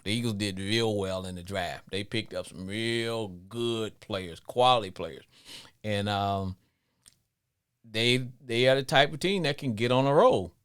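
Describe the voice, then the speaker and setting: A man's voice: mid-range voice, fairly bright tone, clear, resonant tone. Chatty male sports radio host. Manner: chatty, drawn-out, repeats words while thinking. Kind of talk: casual sports talk.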